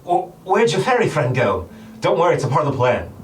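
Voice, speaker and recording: A man's voice: on the high side, sing-song, a little fast, reverberant, slight background noise, voice pushed up. A man voicing a nervous young male warrior who makes jokes under his breath in a tabletop game. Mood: wry. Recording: distant mic with background music.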